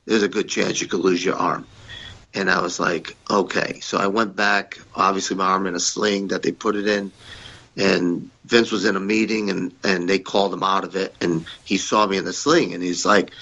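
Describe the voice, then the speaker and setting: A man's voice: on the low side, sharp tone, highs cut off. A man telling blunt, profane stories as a podcast guest, acting out the people he quotes in a raised voice. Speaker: podcast guest, former wrestler. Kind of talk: casual interview storytelling.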